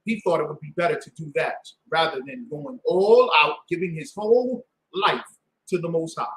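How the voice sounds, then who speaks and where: A high-pitched man leads a Sabbath class like a preacher, firing rhetorical questions and pulling answers from the room. His voice rings around a reverberant space, with a lively, pressing delivery. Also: normal speed, a little hiss or hum. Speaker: religious class teacher. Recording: echoey room.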